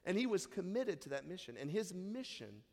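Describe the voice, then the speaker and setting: A man's voice: high-pitched, sing-song, moderate pace, vocal fry, a little mellow, long reverb tail. A man preaching a sermon in a conversational way, reading scripture and briefly acting out the people in the story. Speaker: pastor.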